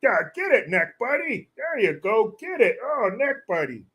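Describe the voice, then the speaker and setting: Man hosting a stream, high voice, takes his time, crude and mocking. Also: sing-song, unhurried, a bit bright. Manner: crude, mocking, theatrical swings in pitch. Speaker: livestream host. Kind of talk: casual commentary livestream.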